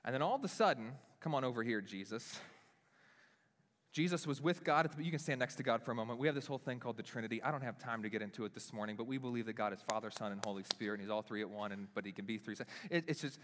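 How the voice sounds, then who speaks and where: A young adult male pastor preaching a sermon, staging a live demonstration with volunteers, animated and self-deprecating in a casual way. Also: rapid-fire. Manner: animated, self-deprecating, talks with lively pitch swings. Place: church hall. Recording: long reverb of a church hall.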